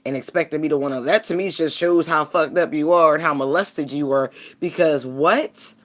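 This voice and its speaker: A woman's voice: low-pitched, normal speed. A woman giving a casual tarot reading, talking bluntly and frankly and laughing often. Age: adult parent. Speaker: tarot reader.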